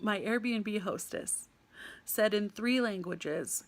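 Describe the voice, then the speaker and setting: Young American woman, storyteller; slight vocal fry, lively delivery with frequent laughter. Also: mid-range voice, moderate pace. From United States. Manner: animated, laughs often, mimics other people. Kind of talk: personal storytelling.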